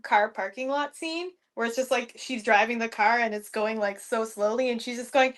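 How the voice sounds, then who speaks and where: A woman who wrestles, guesting on a podcast and telling stories in an animated way, full of "like". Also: a little high, normal speed. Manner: animated storytelling, heavy use of "like". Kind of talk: casual podcast chat.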